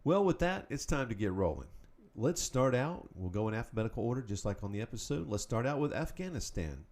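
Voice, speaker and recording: A man hosting a Spanish lesson podcast, calling out words, pausing, then giving the answers in an upbeat, patient way. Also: fairly low pitch, animated, darkish tone. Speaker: Spanish teacher. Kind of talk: podcast language drill.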